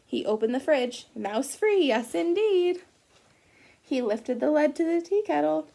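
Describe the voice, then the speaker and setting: A woman teacher reading a picture book aloud to children, gently pausing to ask them questions about the story. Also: sits high, expressive, gravelly. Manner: gentle, asks children questions as she reads.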